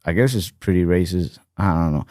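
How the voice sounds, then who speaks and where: A man with a lowish voice chats loosely as a podcast co-host, hedging and circling back with fillers. He swears casually and trails off often. The sound is dry and close. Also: fairly quick, mellow, no echo. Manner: rambling, profane, hesitant with many fillers.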